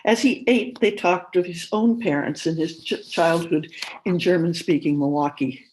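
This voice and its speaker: Woman reading a story aloud, measured. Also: fairly low pitch, a little mellow, slight background noise, rough recording. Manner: measured literary narration. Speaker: conference speaker.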